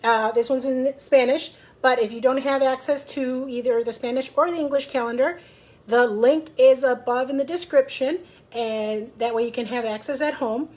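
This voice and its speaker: A woman's voice: sits high, steady tone, moderate pace, a little mellow. A woman librarian leading a children's storytime, chatting directly to young listeners and reading a picture book aloud.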